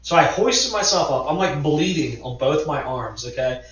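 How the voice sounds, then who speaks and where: A man's voice: fairly high pitch, moderate pace, recorded from a distance. Rambling man in an echoey room. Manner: animated, rambling storyteller who swears. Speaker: podcast co-host. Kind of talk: casual chat. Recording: echoey, dull lo-fi room sound, off mic.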